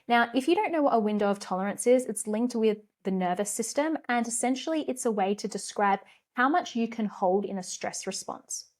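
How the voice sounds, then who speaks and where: A woman's voice: fairly high pitch, expressive, a little fast, darkish tone. Emphatic, passionate woman podcast host. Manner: candid, swears casually. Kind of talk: motivational solo podcast talk.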